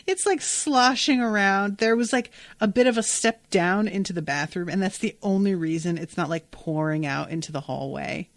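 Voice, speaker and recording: A woman's voice: mid-range voice, moderate pace, hardly any pauses, dry recording. A woman hosting a podcast and recapping a TV episode in a casual, gushing way, and she swears freely. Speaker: podcast host.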